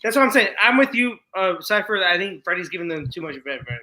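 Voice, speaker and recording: Brief: hesitant co-host, slightly high voice, very bright edge. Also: male voice, big pitch swings, rapid-fire, roomy sound, rough recording. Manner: hesitant, repeats words. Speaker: livestream co-host. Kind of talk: casual chat.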